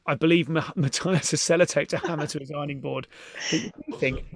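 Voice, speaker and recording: A man's voice: a little high, steady tone, fairly quick, creaky, no echo, clean studio sound. A middle-aged man with a British accent hosting a live-streamed comedy podcast, chatty and giggly, often swearing as he greets viewers. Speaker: podcast host.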